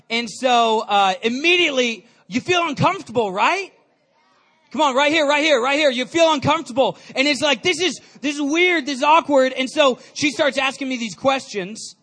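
A man giving an energetic storytelling sermon to a live audience, chatty and calling out questions to the crowd. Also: very high voice, moderate pace. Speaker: youth speaker.

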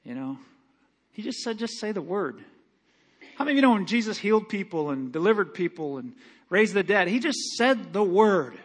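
A middle-aged pastor delivers his sermon in a notably high male voice. He talks like a good old country boy, folksy and animated, slipping into quiet asides before building to loud, urgent climaxes. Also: a little fast. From Michigan. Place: church sanctuary.

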